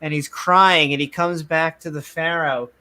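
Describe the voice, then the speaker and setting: A man co-hosting a casual podcast chat, telling stories in an animated way and laughing often. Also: on the high side, moderate pace, clean tone. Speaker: podcast co-host.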